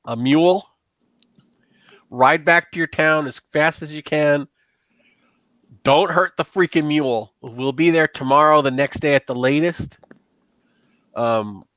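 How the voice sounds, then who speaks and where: A man voicing a gruff, practical Roman guard officer who gives blunt orders. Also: on the high side, a bit bright, no echo. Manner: blunt, matter-of-fact.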